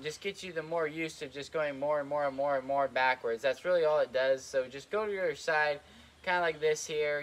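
A man's voice: on the high side, a bit bright. Breathless young man rambling trampoline tips. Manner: rambling, lots of "like" and "kinda", repeats himself. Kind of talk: casual instructional vlog. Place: outdoors on a trampoline.

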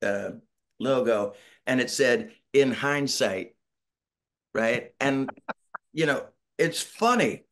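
A man's voice: medium pitch, expressive, slow pace. A middle-aged man telling a long story over a video call from home. He rambles, restarts and plays out quotes from other people as he goes. His tone is casual and self-deprecating. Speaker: band member, interview guest. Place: home, Northern California.

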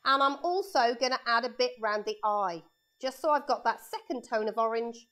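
A woman's voice: a little high, moderate pace, a bit bright. A woman art teacher giving a live painting lesson for children in her studio, chatting and explaining each step as she draws, speaking into a lapel mic.

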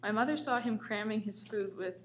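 A woman's voice: mid-range voice, fairly quick, a little hiss or hum. A woman reading a comic story aloud in a casual way, with small stumbles. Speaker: story reader.

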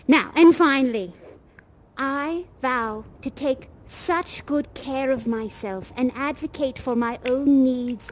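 A woman's voice: high-pitched, slight background noise, rough recording. A woman playing a doting, eccentric female leader of a sweepers' union in a virtual reality game, leading a theatrical, solemn oath with pet names for everyone. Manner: solemn, ceremonial oath-giving.

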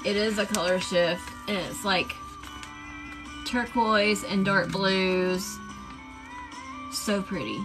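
A woman chatting casually on a live stream, showing off her craft supplies in a drawn-out, enthusiastic way. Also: mid-range voice, over music, poor audio.

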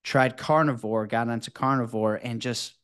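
A former health teacher chats on a podcast, spinning loose stories packed with "you know" and "like." His mid-range voice is clear and resonant, moving at a moderate pace in relaxed, casual conversation.

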